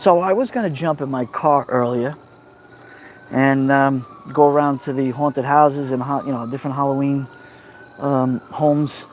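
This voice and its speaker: A man with a New York accent hosting a relaxed livestream from a backyard fire pit at night, greeting viewers by name on a phone. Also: mid-range voice, a little slow, a little hiss or hum. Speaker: livestream host. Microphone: phone held near the fire.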